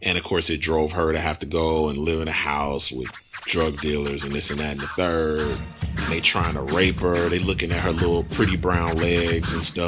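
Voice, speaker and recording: A man giving a casual, animated film review, blunt and slangy with lots of asides. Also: a bass voice, normal speed, music in the background.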